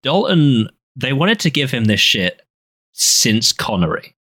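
A man co-hosting a podcast, telling stories in a brash, excitable, sweary way. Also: mid-range voice, slow pace, dry recording. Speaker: podcast co-host. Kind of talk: casual comedic chat.

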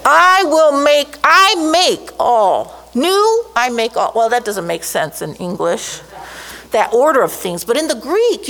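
A woman preaching a sermon, slow and emphatic, lifting her voice sharply on key words. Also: a little high.

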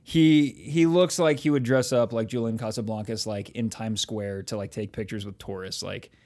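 A man's voice: on the low side, fairly even intonation, moderate pace, a little mellow. A man co-hosting a casual podcast, rambling, swearing often and trailing off while hunting for names. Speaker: podcast co-host. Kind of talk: casual chat.

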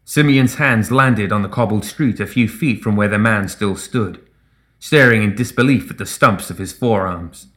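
A man reading a fantasy story aloud as narrator in a measured, even way. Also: fairly low pitch. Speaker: audiobook narrator. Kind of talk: scripted narration.

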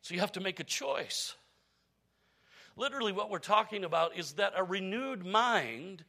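A pastor preaching a sermon to his church, telling a story with big swings from quiet, hushed lines to loud, raised ones. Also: sits high, expressive, moderate pace.

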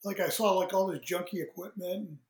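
A man with a high-pitched voice tells a story as an interview guest, slipping into other people's voices and laughing as he goes. The room around him is echoey. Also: brisk. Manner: animated storyteller who acts out quoted voices, laughs often. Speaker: guest, singer.

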